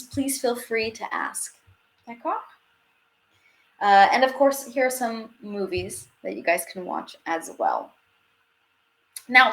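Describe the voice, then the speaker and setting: A woman's voice: on the high side, a bit bright. A woman teaching a live online French class, chatty and upbeat, reading out viewer questions as she goes.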